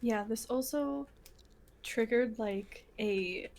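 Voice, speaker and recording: A woman's voice: fairly high pitch, takes it slowly, creaky, darkish tone. Rambling woman podcast co-host. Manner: rambling, many fillers and restarts. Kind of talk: casual chat.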